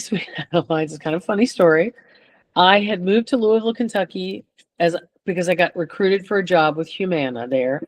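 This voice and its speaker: Older woman guest, kinda low voice, chatty and laughy storyteller. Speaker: guest chorus singer. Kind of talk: casual storytelling chat.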